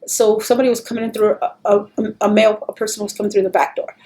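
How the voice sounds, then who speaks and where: Middle-aged woman in an oral history interview, lively storyteller, does the voices. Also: mid-range voice, very fast. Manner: animated storyteller acting out quoted voices.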